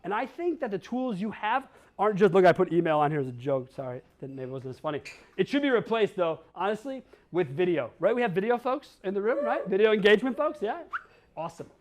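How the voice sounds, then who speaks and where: Chicago guy in his 40s, high voice, blunt slangy stage talk. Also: big pitch swings, a little hiss or hum. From Chicago, USA. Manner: brash, blunt, slangy, rapid-fire rhetorical questions. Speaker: conference speaker. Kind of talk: energetic storytelling talk.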